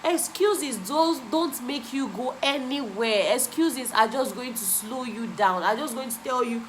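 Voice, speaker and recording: A woman's voice: fairly high pitch, lively intonation, moderate pace, few pauses, slight background noise, low-quality recording. A young woman vlogger giving an emphatic, repetitive motivational talk and driving each point home. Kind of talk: motivational self-help talk.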